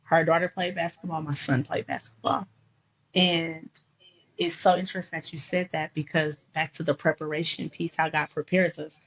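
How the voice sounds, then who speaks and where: A woman with a husky, breathy voice tells a faith story in a podcast conversation. She is animated and acts out the dialogue she recounts. The audio is dull and lo-fi. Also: low voice, moderate pace.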